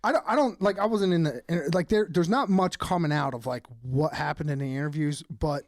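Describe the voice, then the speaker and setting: A man's voice: a little high, brisk, dry recording, clean studio sound. A young man co-hosting a podcast in casual chat, telling stories animatedly, laughing often and saying "dude" a lot. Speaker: podcast co-host.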